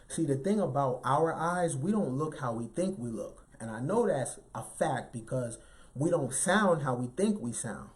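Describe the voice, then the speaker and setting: A man giving an animated, emphatic motivational talk in a light, youthful voice, often tagging lines with "right?". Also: mid-range voice, moderate pace. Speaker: motivational speaker.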